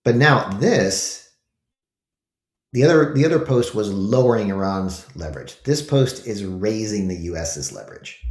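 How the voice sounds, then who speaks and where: A man's voice: lowish voice, animated, measured pace, reverberant. A man hosting his own show, giving casual commentary with emphatic rhetorical questions to his viewers. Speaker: host.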